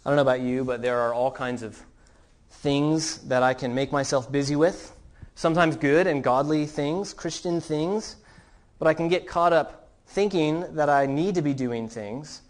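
A man's voice: fairly high pitch, normal speed. Earnest male pastor preaching. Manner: earnest, questioning, with fillers and restarts. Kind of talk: sermon.

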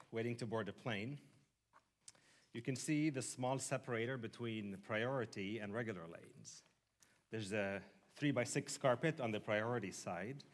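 A man preaching a sermon, using humorous, vivid storytelling and asides. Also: mid-range voice. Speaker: pastor.

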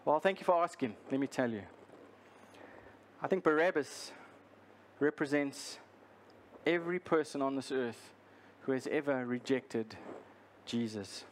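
A male pastor preaching a sermon, earnest and deliberate, repeating his key lines for emphasis. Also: medium pitch, a little hiss or hum.

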